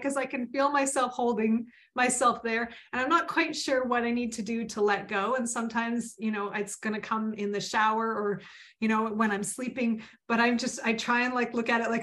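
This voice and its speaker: A woman's voice: a little high, fairly even intonation, moderate pace, fairly bright tone. A woman co-hosting a casual spiritual chat, talking in an upbeat, chatty way with lots of filler words.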